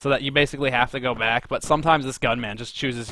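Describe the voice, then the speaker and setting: A man's voice: mid-range voice, steady tone, fast talker, bright, forceful tone, a little hiss or hum. Casual swearing game streamer guy. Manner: casual, profane, rambling. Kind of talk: live game commentary.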